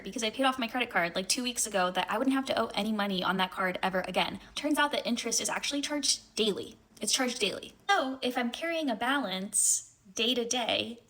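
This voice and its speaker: Woman, 30s, bright voice, exasperated explainer. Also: mid-range voice, poor audio. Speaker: social media poster. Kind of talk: casual talk to camera.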